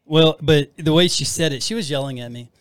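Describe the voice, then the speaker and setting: A man's voice: a little high, brisk, clean tone, no room sound. Rambling middle-aged man on dry mic. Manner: rambling, self-deprecating, with frequent restarts and fillers. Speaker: podcast co-host. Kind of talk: casual faith-based marriage talk.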